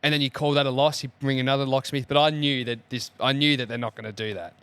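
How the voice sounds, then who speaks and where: A man's voice: medium pitch, fast talker, clear, resonant tone, dry recording. Australian man telling a story. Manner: animated storyteller, acts out dialogue. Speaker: co-host. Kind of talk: casual podcast storytelling. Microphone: studio mic.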